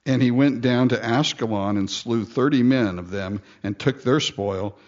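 A man preaches with humor and energy, acting out the story in voices as a pastor. He has a mid-range voice and keeps a moderate pace. The recording sounds dull and lo-fi.

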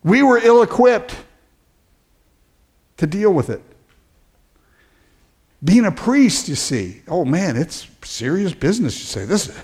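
Animated, lively-pitched male preacher. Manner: animated preaching with stammered restarts and acted-out quotes. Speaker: pastor. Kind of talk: sermon.

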